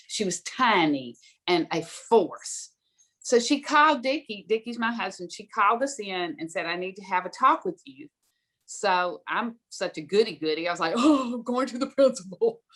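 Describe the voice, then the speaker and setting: A woman's voice: mid-range voice, a bit bright. Middle-aged woman guest, direct and emphatic, storytelling advice. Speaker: guest speaker on money.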